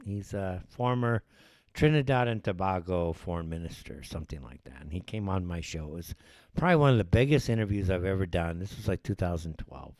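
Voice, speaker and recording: A man's voice: low voice, lively intonation, brisk, darkish tone, no echo. A man hosting a live show, ranting in heated, sarcastic commentary. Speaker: show host. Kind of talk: livestream commentary.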